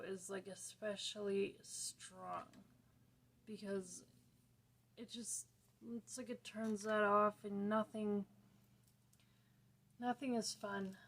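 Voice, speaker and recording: A young woman talking casually to camera, slow and soft-spoken, her sentences often trailing off quietly. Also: a little high. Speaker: vlogger. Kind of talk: casual talk to camera about her own condition.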